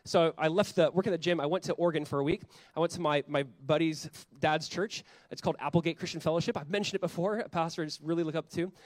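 A young adult male pastor delivers a sermon at a quick clip, his voice sitting a little higher than most men's. He talks conversationally and slips into quoted voices as he preaches. The sound is dry and close, with little room echo.

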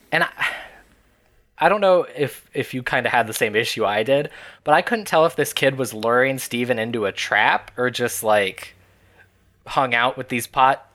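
A man's voice: mid-range voice, fairly bright tone. A man co-hosting a casual podcast, recapping a movie in a wry, rambling way and laughing often. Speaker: podcast co-host.

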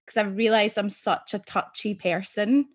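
A woman's voice: medium pitch, fairly even intonation, moderate pace. A woman hosting a podcast, chatting casually and telling stories in a rambling way. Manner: chatty, rambling, fond storytelling. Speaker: podcast host. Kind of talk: casual chat.

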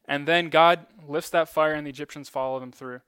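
Man, preacher, casual sermon, conversational, lots of ums, slightly high voice, dry close sound. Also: steady tone, fairly quick, a bit bright, smooth, no room sound. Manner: conversational, many ums, self-deprecating asides.

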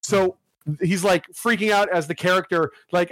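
A man's voice: high voice, fairly even intonation, fairly quick, fairly bright tone, dry recording. A man co-hosting a podcast, telling a story in casual chat and laughing and swearing freely as he goes. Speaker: podcast co-host.

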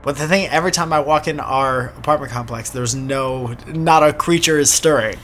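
A man casually chatting as a podcast co-host, telling a rambling story with animated bursts. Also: mid-range voice, moderate pace, slight background noise. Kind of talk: casual chat.

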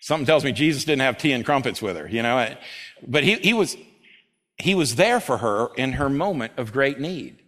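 A man preaching a sermon as pastor at a church service, who swings between loud, urgent stretches and slow, hushed scripture reading. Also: mid-range voice, lively intonation. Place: church service before a congregation.

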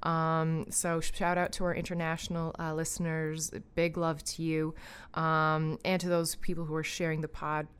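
A woman in her thirties from Canada, hosting a podcast and leading a breathing exercise, talking in a rambling, heartfelt way with many pauses and restarts. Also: deep voice, completely flat delivery, smooth. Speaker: podcast host and breathwork guide. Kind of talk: casual heartfelt thank-yous, then guided breathing.

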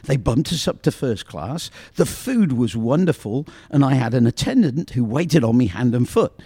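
A man reading the lines of a calm, mild-mannered male traveler in a joke, in a plain, matter-of-fact way. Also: mid-range voice, normal speed, breathy edge, no echo. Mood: smug.

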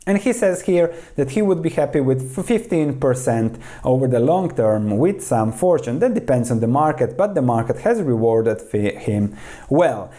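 A man's voice: mid-range voice, animated, moderate pace, dark tone. A man steadily explaining investing ideas and reading quoted passages aloud, often restarting words mid-sentence. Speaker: investing commentator.

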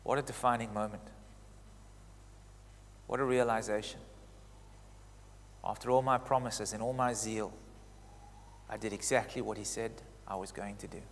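A man preaching a sermon, retelling a scripture story expressively, with emphatic highs and hushed reflective passages. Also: fairly even intonation, normal speed, pauses often. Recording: long hall reverb.

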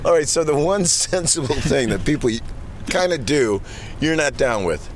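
A man with a lively, swinging delivery cracks jokes and teases his friends as they ride along. He sounds like he is in a car, with a faint hiss of road noise under his voice. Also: a little high, normal speed. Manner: joking, teasing, animated. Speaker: podcast host. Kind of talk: casual chat in a car. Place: inside a car.

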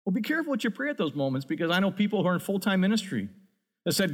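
A man's voice: sits high, animated, rapid-fire. A man preaching a sermon as a pastor, earnest and emphatic.

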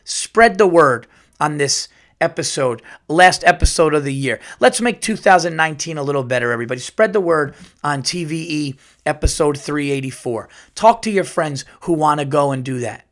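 A middle-aged man hosting his own podcast, talking casually in a profane, rambling, animated way. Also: a little high, normal speed. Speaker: podcast host. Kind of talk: casual solo podcast monologue.

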